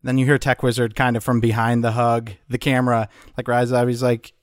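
A man's voice: mid-range voice, completely flat delivery, brisk, no echo, clean studio sound. A man playing a tabletop game, describing his character's actions in a rambling way full of filler words. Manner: rambling, lots of "like". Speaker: player.

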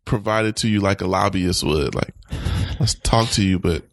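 A man's voice: moderate pace, creaky, no echo, studio quality. A man co-hosting a podcast, chatting casually with a joking, profane manner. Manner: animated, profane, jokey, jumps into high voices for quotes. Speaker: podcast co-host. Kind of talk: casual chat.

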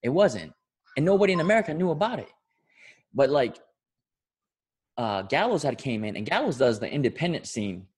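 A man's voice: mid-range voice, big pitch swings, moderate pace, pauses often, a little mellow, breathy edge. Laughing, profane man telling a story. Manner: rambling, profane, laughs often. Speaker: podcast host. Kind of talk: casual storytelling.

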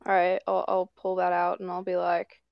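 Brief: tabletop player, smooth blunt weary voice, dull lo-fi recording. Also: female voice, lowish voice, completely flat delivery, normal speed, dry recording. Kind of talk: in-character tabletop play.

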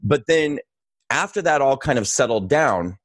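Man guest telling a story, gets animated doing the quotes, lots of likes, dry mic. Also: medium pitch, normal speed, no room sound. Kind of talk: casual storytelling conversation.

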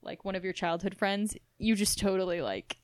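A woman's voice: medium pitch, moderate pace, clean tone, dry recording, clean studio sound. A young woman from Missouri with a faint Southern Midwestern twang, co-hosting a podcast as a casual chat with many fillers. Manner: chatty, many fillers, animated. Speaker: podcast co-host.

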